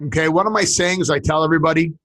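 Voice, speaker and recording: A man co-hosting a casual talk show, telling stories in a rambling, animated way. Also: fairly high pitch, very fast. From western United States. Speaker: podcast co-host. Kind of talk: casual chat.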